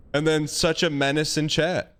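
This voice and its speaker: Guy on a live game stream, kinda high voice, rambly and excitable. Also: clear, resonant tone. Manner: rambling, restarts often, excitable.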